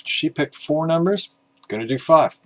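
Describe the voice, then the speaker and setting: A man's voice: on the high side, expressive, unhurried. A tired, middle-aged man rambling casually in a self-deprecating way, filled with "uh"s, while presenting records for his vinyl collecting video. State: exhausted, up at five in the morning.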